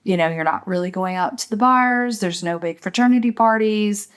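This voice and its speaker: A woman's voice: medium pitch, normal speed, crowd noise. A middle-aged woman interviewing a young graduate, asking reflective questions and musing on her answers. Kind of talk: oral history interview.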